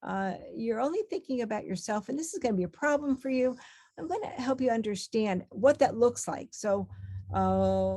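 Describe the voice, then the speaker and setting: A woman teaching parents in a calm webinar chat, giving example phrases for them to use. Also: a little high, no echo, studio quality.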